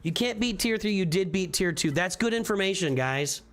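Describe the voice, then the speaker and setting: A man's voice: sits high, animated, moderate pace, fairly bright tone. A man streaming live, reviewing viewers' game rosters in casual commentary, thinking aloud with restarts and repeated phrases. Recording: faint music behind.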